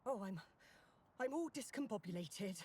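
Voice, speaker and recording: A woman's voice: medium pitch, animated, normal speed, darkish tone, breathy edge. A woman voicing a flustered middle-aged mother in a game, fretful and scattered as she hunts for a lost key. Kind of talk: game voice acting.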